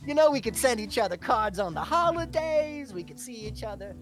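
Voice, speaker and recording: A man's voice: very high-pitched, lively intonation, brisk, music in the background, pitched above the performer's own voice. A man playing a shady, greedy shopkeeper who talks in a wheedling, stammering way. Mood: persuasive. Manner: wheedling, stammering, full of fillers.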